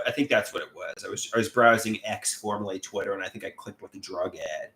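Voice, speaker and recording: A man's voice: on the low side, brisk, a bit bright. A man hosting a casual livestream, reading chat comments aloud and rambling with many repeated, restarted words. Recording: echoey room.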